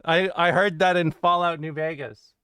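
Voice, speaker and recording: A streamer chatting casually with viewers, rambling and laughing, often trailing off to quiet mumbles. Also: medium pitch, fairly even intonation, moderate pace, smooth, no room sound. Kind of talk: casual live stream chat.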